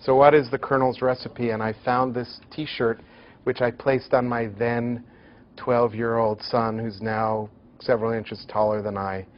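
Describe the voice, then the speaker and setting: A man giving a university lecture in a hall, telling stories in a lively, joking way. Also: medium pitch, measured pace, dull audio.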